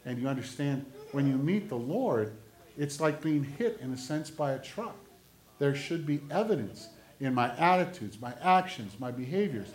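A man preaching a sermon as pastor, swinging between loud, urgent exhortation and quiet, low asides. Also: animated, normal speed, reverberant.

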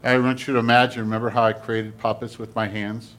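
A man, a pastor, giving a children's sermon in a church, speaking in a gentle, animated way to kids. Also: fairly low pitch, fast. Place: church sanctuary.

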